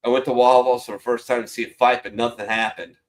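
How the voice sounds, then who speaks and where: A man's voice: medium pitch, level tone, fast talker, a little hiss or hum. A middle-aged man with a mid-range voice talks loosely and profanely, reading meme captions aloud between chuckles. He swears freely and keeps a joking, irreverent tone throughout the casual chat. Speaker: show host reading memes.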